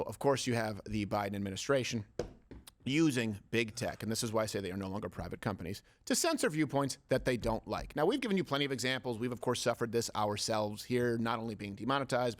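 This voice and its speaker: A man hosting a comedy panel show, joking with co-hosts, laughing often and acting out the people in his stories. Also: mid-range voice. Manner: animated, laughing, acts out quoted people. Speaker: host.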